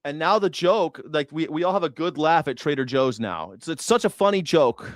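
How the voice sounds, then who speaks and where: A man's voice: a little high, expressive, measured pace, no echo. Dry-voiced man rambling, profane host. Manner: rambling and profane, with sarcastic asides. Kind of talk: casual news reaction chat.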